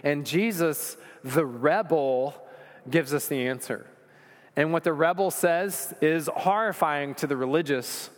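A man's voice: fairly high pitch, unhurried. A man preaching a sermon, joking and conversational at first, then building to earnest emphasis. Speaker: pastor. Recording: long hall reverb.

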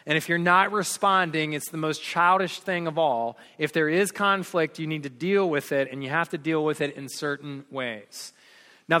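A pastor in his forties preaching a sermon, telling stories with rising energy and dropping to soft, earnest tones. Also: fairly high pitch. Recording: long hall reverb.

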